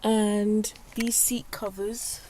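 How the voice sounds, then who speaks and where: A young woman, chatting excitedly in a casual vlog with lots of fillers and a soft, half-whispered morning voice. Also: medium pitch, drawn-out words, a little hiss or hum. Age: young adult. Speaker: vlogger.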